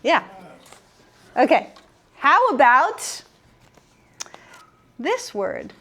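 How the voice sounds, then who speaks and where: A woman leading a group word game class, upbeat and encouraging, slowing down to stress syllables. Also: high-pitched, wildly swooping pitch, a bit bright. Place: room with a live group.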